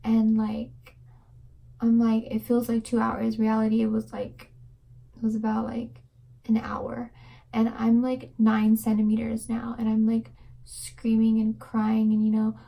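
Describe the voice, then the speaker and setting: A woman's voice: on the high side, completely flat delivery, creaky, lo-fi sound. A young woman vlogger telling a personal story in a casual, rambling way, full of fillers and dipping into whispers. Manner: fast rambling with many fillers, drops to whispers.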